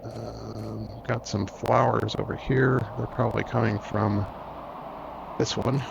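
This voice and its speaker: A man hosting a game let's-play, thinking aloud in an unhurried way as he plays. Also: on the low side, steady tone, gravelly, noisy background. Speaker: gaming channel host. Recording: dull lo-fi recording, faint music.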